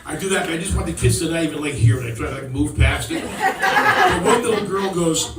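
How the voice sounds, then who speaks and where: A middle-aged man tells rambling stand-up stories, now and then slipping into kids' voices. His voice sits a little high and comes from a distance off the mic. The room is echoey, and a crowd laughs loudly behind him. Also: big pitch swings, a little fast, heavy background noise. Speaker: stand-up comedian. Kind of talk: stand-up routine. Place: comedy club stage with audience.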